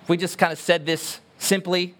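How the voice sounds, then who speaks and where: A man's voice: high voice, level tone, moderate pace, fairly bright tone. A man preaching a sermon as pastor, emphatic and earnest, repeating words for stress.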